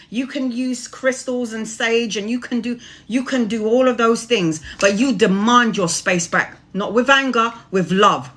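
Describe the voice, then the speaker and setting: A woman's voice: on the high side, a bit bright. A woman tarot reader giving a casual spiritual monologue, preachy and swearing freely.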